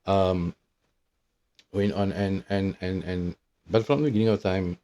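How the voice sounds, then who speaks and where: A man's voice: sits low, steady tone, a little slow, mellow. A man in his thirties telling a meandering, profanity-laden story in a casual monologue. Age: 30s. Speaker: vlogger.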